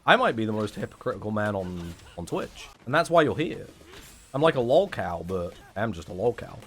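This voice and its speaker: A man's voice: fairly low pitch, big pitch swings, a little fast. Rambling, sarcastic young man. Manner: rambling, sarcastic, swears often. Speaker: streamer. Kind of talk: casual stream chat.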